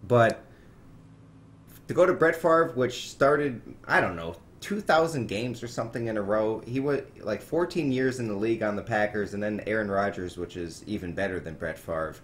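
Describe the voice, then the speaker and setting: A man from Wisconsin hosting a casual podcast, talking excitably and swearing a lot. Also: on the low side, normal speed, a little hiss or hum. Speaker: podcast host.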